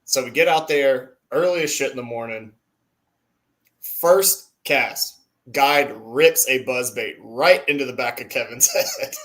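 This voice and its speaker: A man's voice: medium pitch, unhurried, fairly bright tone. A man co-hosting a casual talk stream, telling a story with lots of laughs and acted-out quotes. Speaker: co-host. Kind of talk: casual chat.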